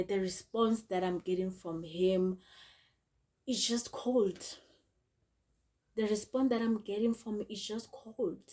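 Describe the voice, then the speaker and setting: A woman's voice: medium pitch, fairly even intonation, a little slow, warm tone. A young woman, telling a storytime vlog in a chatty way, repeating herself and often calling out to her viewers. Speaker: vlogger.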